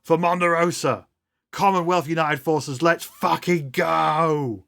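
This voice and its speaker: A man voicing a fierce woman who rallies an army with shouted battle cries. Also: on the high side, fairly even intonation, takes it slowly, gravelly, voice pushed up, full character voice. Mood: rallying.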